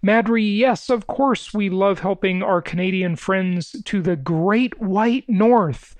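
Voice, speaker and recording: A man's voice: sits high, slow pace, darkish tone, no echo. Male podcast host, emphatic casual monologue, dry close recording. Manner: emphatic, repeats words for effect.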